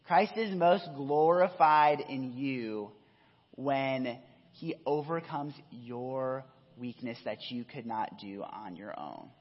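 A man preaching a sermon as pastor, earnest and emotional, with frequent fillers and restarts. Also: fairly high pitch. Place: church hall. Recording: dull echoey hall sound.

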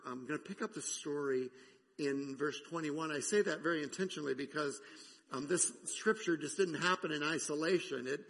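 A man delivers a sermon in a conversational manner, pausing often to reflect. His voice is slightly high, with a husky, gravelly edge. Long reverb hangs around each phrase. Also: fairly bright tone. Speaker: pastor.

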